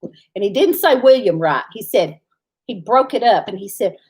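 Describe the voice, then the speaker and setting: A woman's voice: mid-range voice, expressive, moderate pace, a little mellow, breathy edge. A woman, chatting casually as co-host of a livestream, laughing often as she tells stories. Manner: laughs often, drawling storyteller. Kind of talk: casual live chat.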